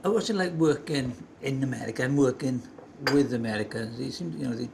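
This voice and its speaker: A man's voice: medium pitch, a little fast, vocal fry, noisy background. A man interviewing an actor, chatty and teasing with eager questions. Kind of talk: casual interview chat.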